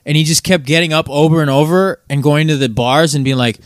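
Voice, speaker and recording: A man telling stories in casual podcast chat, animated, acting out other people's voices, laughing often. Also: fairly high pitch, fast, dry recording, clean studio sound. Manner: animated storyteller, acts out voices, laughs a lot.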